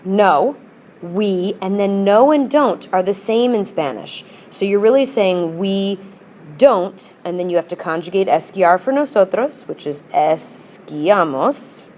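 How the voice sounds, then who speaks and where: A woman's voice: mid-range voice, animated, measured pace, darkish tone, a little hiss or hum. A woman teaching a language class, drilling with patient repetition and switching between English and Spanish. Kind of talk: classroom lesson.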